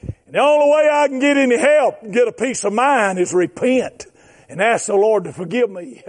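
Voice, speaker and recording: A man preaches a fervent sermon. His voice sits very high for a man, and he shouts and stretches out his emphatic lines. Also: normal speed.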